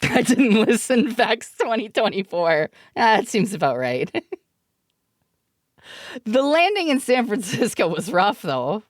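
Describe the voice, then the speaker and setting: Casting: Canadian woman streamer, unhurried, laughs and swears through her stories, close dry mic. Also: medium pitch, no echo. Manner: giggly, profane, animated storyteller. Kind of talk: casual storytelling to stream chat.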